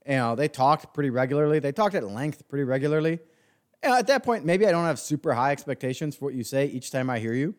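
Animated and fast, this sports podcast host rants through a monologue with sarcasm, profanity and lots of fillers. His pitch swings widely the more worked up he gets.

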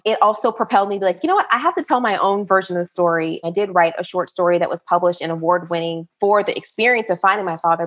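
An animated American woman telling her own story as an interview guest. She talks at an ordinary middle pitch and jumps up high whenever she acts out what people said. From United States. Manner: animated, acts out quoted voices at a higher pitch.

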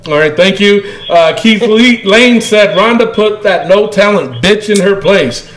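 High-voiced laughing man podcaster. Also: lively intonation, unhurried, fairly bright tone, a little hiss or hum. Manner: laughs often, reads comments aloud. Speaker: podcast co-host. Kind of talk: casual chat reading listener comments.

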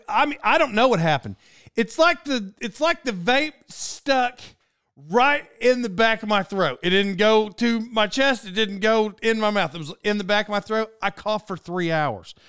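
A man's voice: sits high, a bit bright, clear, resonant tone, no room sound, clean studio sound. Rambling, chuckling podcast host, man. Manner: rambling and self-interrupting, laughs often. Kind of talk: casual monologue.

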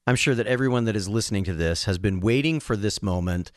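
A man's voice: fairly low pitch, fast talker, no room sound, studio quality. A man co-hosting a casual book podcast, speaking earnestly and personally, with self-deprecating asides. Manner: earnest and emotional, reads a passage aloud, self-deprecating. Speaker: podcast co-host.

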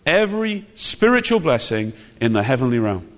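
A man's voice: mid-range voice, sing-song, moderate pace. A man preaching a sermon, emphatic and conversational, with frequent rhetorical questions. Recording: long hall reverb.

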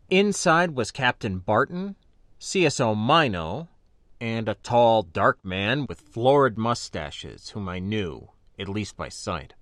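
A man's voice: lowish voice, fairly bright tone, no room sound. A man narrating a science fiction story in the first person. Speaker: audiobook narrator.

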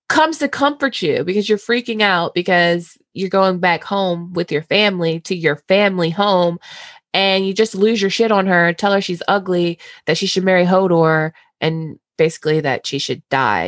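A woman's voice: on the low side, dry recording, studio quality. A woman hosting a podcast, chatting casually and bluntly, with plenty of swearing. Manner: blunt, casual and profane, drifts into character voices. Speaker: podcast host.

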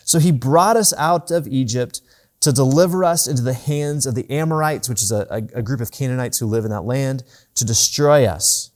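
A male pastor delivers a sermon from the church pulpit in a mid-range voice. He speaks earnestly and builds intensity on the scripture he reads, then slows and lingers over key phrases. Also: mid-range voice, darkish tone. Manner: earnest preaching, rises and slows to stress scripture.

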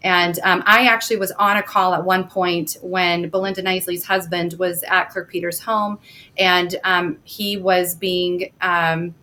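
A woman speaking as a guest on a talk show, talking emphatically and getting loud at times. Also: on the low side, flat delivery, a little slow. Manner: emphatic, gets loud when retelling confrontations. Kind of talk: casual chat.

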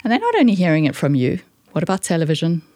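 A woman guest speaking in an animated coaching way, emphatic with sudden upward stresses. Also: rapid-fire, no room sound, clean studio sound. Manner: emphatic, swooping up in pitch for stress.

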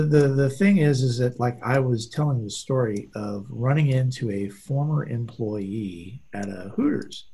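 With a low, warm, husky voice, this podcast co-host chats casually and spins rambling stories, slipping into character voices for the people he describes.

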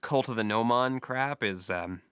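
A man's voice: medium pitch, a little slow, a bit bright, clear, resonant tone, no echo, studio quality, close to an everyday voice. A man voicing a skeptical colonist who dismissively scoffs at the cult. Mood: scoffing.

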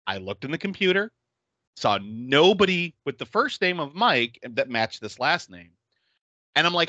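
A man hosting a casual movie recap podcast, telling stories in an animated way, laughing often and swearing freely. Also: fairly high pitch, moderate pace, no room sound, highs cut off. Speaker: podcast host.

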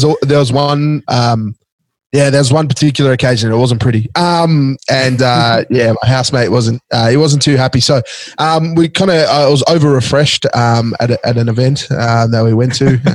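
A young Australian man talking in a relaxed, halting way, full of ums and restarts. His voice sits at an ordinary pitch and sounds dry and close. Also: dry recording. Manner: halting, many fillers and restarts. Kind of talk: casual chat.

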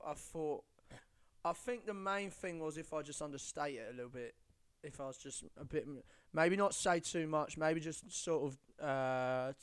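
A man's voice: mid-range voice, fairly bright tone, clean tone. A young man hosting a solo podcast, telling stories in a rambling, profane, casual way and laughing often. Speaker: comedian and podcast host.

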